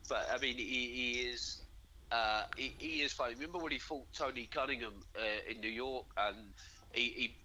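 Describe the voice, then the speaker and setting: A man's voice: moderate pace, sharp tone. A man co-hosting a casual podcast by phone, stumbling over repeated words as he rambles. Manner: repeats words when starting sentences, rambling. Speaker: podcast co-host. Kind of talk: casual chat. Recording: low phone-call audio with faint noise.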